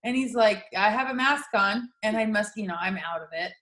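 A woman's voice: mid-range voice, brisk, reverberant. A woman telling a personal story in casual chat, laughing and acting out what people said. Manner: animated, laughing storytelling with voiced quotes.

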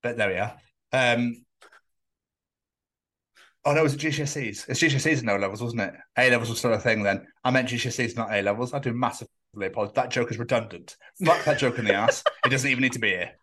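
A man's voice: mid-range voice, quick pace, sharp tone. A man from England hosting a podcast, chatting casually with lots of swearing and jokes. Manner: sweary, jokey, rambling. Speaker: podcast host. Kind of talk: casual chat.

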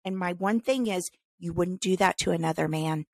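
A woman's voice: fairly low pitch, normal speed, creaky, no echo. A woman co-hosting a casual podcast, talking in an emphatic, ranting way. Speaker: podcast co-host.

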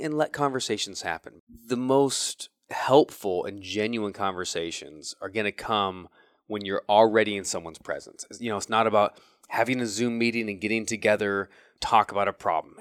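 A man's voice: on the low side, moderate pace, fairly bright tone, no echo, clean studio sound. A man hosting a podcast who talks in an earnest, coaching way, speaking straight to his listeners. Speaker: podcast host. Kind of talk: motivational podcast talk.

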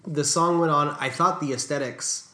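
A man in a casual music podcast chat, halting and full of likes. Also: fairly high pitch, pushed and bright, reverberant.

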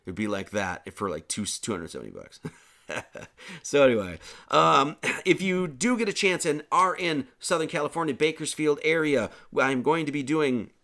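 A man's voice: a little high, animated, normal speed, a bit bright. A man, the pastor and host, rambling through casual closing announcements of an online sermon, joking around with lots of fillers and restarts.

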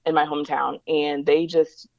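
A woman's voice: low-pitched, level tone, moderate pace, vocal fry, darkish tone, dry recording, lo-fi sound. A woman being interviewed, telling a story in an emphatic conversational way and acting out the voices of the people she quotes. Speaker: interview guest, diversity educator.

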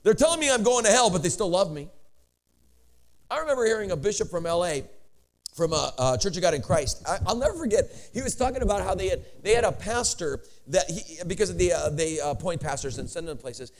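Pastor guy preaching, high voice, swoops all over, gets shouty. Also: quick pace, a little hiss or hum. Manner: animated storytelling, building to shouts. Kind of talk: sermon.

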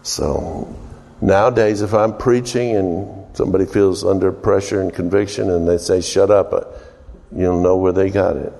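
A man preaching an informal sermon, rambling and unhurried with many fillers, his voice ringing with long hall reverb. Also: sits low, fairly even intonation, gravelly, mellow.

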